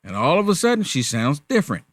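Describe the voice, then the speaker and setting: A man's voice: a little high, huge pitch swings, quick pace, very noisy. A male host giving sarcastic political commentary, firing off rhetorical questions.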